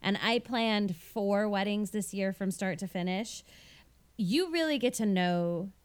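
A woman's voice: medium pitch, a little slow, smooth. A woman who works as a wedding planner, chatting casually and telling a story with animation. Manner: animated storyteller who acts out the people she quotes. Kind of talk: casual podcast chat.

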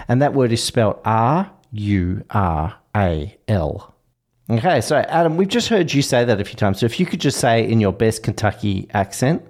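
Low-voiced, playful male podcast host. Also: creaky, darkish tone. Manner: playful, hesitant, with trailing fillers. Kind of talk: casual podcast chat.

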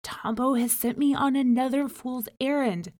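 A woman's voice: high-pitched, moderate pace, darkish tone, slight background noise, pitched above the performer's own voice, lightly acted. A woman voicing a humble, kind young male fisherman in a storybook reading, earnest and plain-spoken. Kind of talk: storybook narration.

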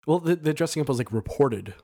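A man's voice: a little high, lively intonation, fast, dark tone, no echo, clean studio sound. Chatty Canadian podcast host guy. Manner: chatty, lots of "like" fillers, giddy about facts. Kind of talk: casual podcast chat.

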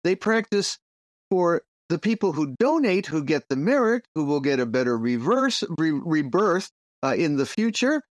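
A man, hosting a casual podcast and teaching Zen in an animated, jokey way. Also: fairly high pitch, moderate pace, no room sound, studio quality.

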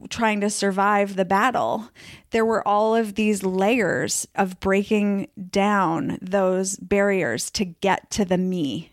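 A woman with a medium-pitched, steady voice speaks slowly about her life in a casual podcast interview. Her talk is chatty and full of fillers, with occasional impressions of what others said, captured in clean studio audio free of room sound.

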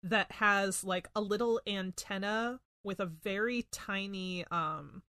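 A woman's voice: medium pitch, takes it slowly, bright, forceful tone, no echo. A woman playing a tabletop game who talks in a chatty way, searching for words and using many fillers. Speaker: player. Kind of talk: casual tabletop play.

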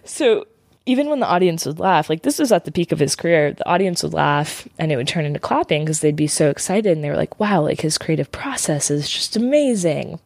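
Low-voiced giggly woman telling a story. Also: animated, fast talker, gravelly, darkish tone, no echo. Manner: giggly, laughs often mid-sentence. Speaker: podcast co-host telling the story. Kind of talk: casual storytelling chat.

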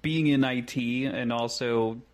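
A man with a mid-range voice joins a casual chat. He talks haltingly, leaning on fillers. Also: mid-range voice, fairly even intonation.

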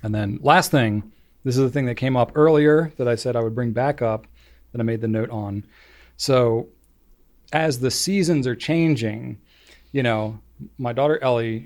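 Man, podcast co-host, casual chat, rambling, lots of fillers, mid-pitched voice. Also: a little mellow.

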